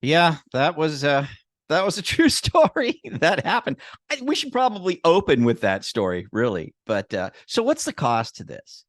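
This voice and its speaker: A man who works as a loan officer, telling a story in a casual, animated way and acting out what people said. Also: on the high side, moderate pace, no echo, clean studio sound. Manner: animated storyteller, acts out quotes.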